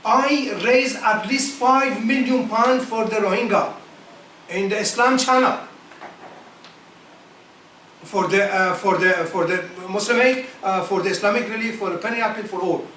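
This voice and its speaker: A man speaking to a gathering of scholars in broken English. He asks many rhetorical questions, repeats phrases, and chants quick Quranic verses in Arabic. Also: high-pitched, sharp tone, a little hiss or hum. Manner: non-native broken English. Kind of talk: impassioned speech to an audience. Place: meeting hall at a community centre. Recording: echoey hall, voice from far off.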